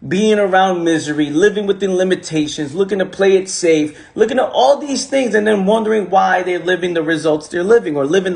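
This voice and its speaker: A man's voice: high voice, vocal fry. A man giving a casual motivational talk on a phone livestream, repeating lines for emphasis and using slang. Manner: repetitive, emphatic, preachy. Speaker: motivational speaker.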